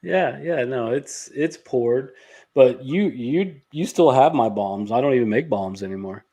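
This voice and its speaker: A man's voice: mid-range voice, animated, unhurried, mellow. A man who owns a beard care company, talking casually as a podcast guest and laughing between his thoughts.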